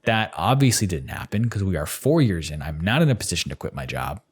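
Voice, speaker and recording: A man's voice: low-pitched, big pitch swings, fairly quick, breathy edge. A man in his twenties talking casually on his own podcast, rambling with lots of fillers. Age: 20s. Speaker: podcast host. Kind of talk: solo podcast monologue.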